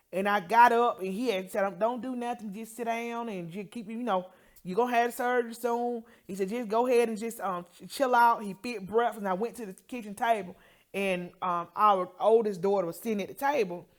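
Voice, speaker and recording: A woman telling an emotional healing testimony as co-host, acting out the people she quotes. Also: fairly high pitch. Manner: emotional storytelling, quotes others in lively voices.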